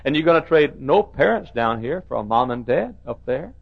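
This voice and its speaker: A man preaches from the pulpit, his voice gravelly and rough at the edges. He tells stories softly, then rises into high, shouted cries. The recording is dull and muffled, like an old sermon tape. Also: lively intonation, moderate pace. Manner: swings from soft storytelling to high shouted cries. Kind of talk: revival sermon.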